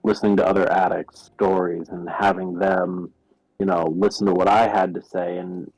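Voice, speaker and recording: A man joining a casual chat about staying sober, reflective, often pausing to find his words. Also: low voice, little pitch movement, darkish tone, no room sound, low-quality recording.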